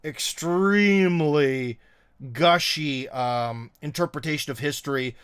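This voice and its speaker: A livestream host with a higher male voice reads viewer comments and gives his opinions casually, taking it slowly in a clear, resonant, slightly bright tone. He's blunt and sarcastic, with frequent fillers, restarts and mocking put-on voices.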